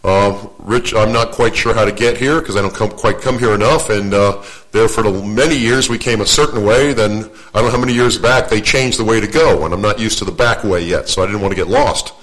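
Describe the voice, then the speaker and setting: An older man gives a guest sermon in a folksy storytelling style, cracking jokes about himself and often starting phrases over or saying them twice. His voice runs on the low side, brisk and fairly bright, on a rough recording.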